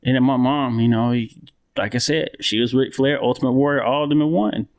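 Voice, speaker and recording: A man's voice: mid-range voice, fairly even intonation, a little fast. A man co-hosting a podcast in casual chat, rambling and profane, with many restarts. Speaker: podcast co-host.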